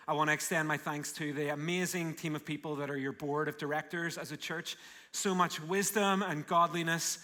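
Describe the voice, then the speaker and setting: Northern Irish male pastor, bright, forceful voice, energetic and jokey from the pulpit. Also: fairly high pitch. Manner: warm, joking and energetic. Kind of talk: live sermon. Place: large church auditorium.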